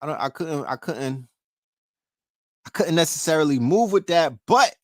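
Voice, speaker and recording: This podcast host, a middle-aged man with a New York accent, runs a loose livestream full of profanity and questions tossed to the audience. He speaks at a moderate pace in a slightly high, animated voice, captured cleanly in the studio with no echo.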